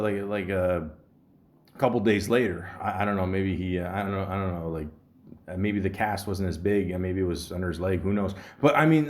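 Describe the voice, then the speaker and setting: A man hosting a podcast, telling a story in a rambling, profane way, full of fillers. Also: fairly low pitch. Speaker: podcast host.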